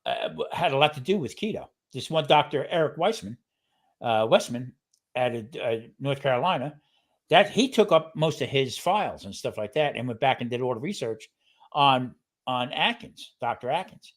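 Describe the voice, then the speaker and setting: A man's voice: mid-range voice, animated, normal speed. A man co-hosting a podcast, talking casually and emphatically, pressing his points with "okay" and "you know what I mean". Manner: emphatic, says "okay" to drive points home. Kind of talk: casual chat.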